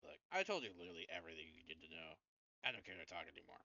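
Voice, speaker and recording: A man's voice: low-pitched, big pitch swings, rapid-fire, gravelly, bright, forceful tone, no room sound, heavily acted. A man, the game master, voicing an evasive, crude male thief who rambles and swears, on a dull, dry lo-fi mic. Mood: defiant.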